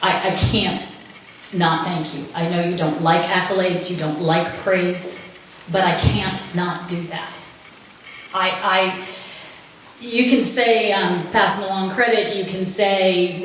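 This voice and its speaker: A woman's voice: on the low side, steady tone, a little slow, fairly bright tone, a little hiss or hum. Woman giving a joking party speech in an echoey room. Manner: joking, laughs often. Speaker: speaker at her own anniversary party. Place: winery event room. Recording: very echoey, dull room recording with ambience.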